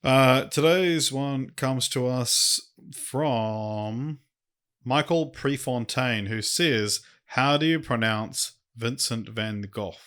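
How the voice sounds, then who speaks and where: A man's voice: medium pitch, slow, fairly bright tone, smooth. A man co-hosting a podcast in casual chat, easygoing, chuckling as he talks. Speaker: podcast co-host.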